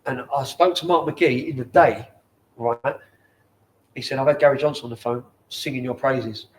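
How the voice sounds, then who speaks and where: Animated London man telling stories. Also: medium pitch, normal speed. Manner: animated, swears often, acts out quoted people. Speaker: guest, former footballer. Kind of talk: casual storytelling. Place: bar at a football ground.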